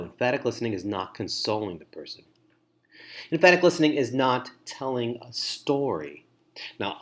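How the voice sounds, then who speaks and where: A man giving a training lecture on listening to foster parents, repeating key phrases and acting out example remarks. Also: medium pitch.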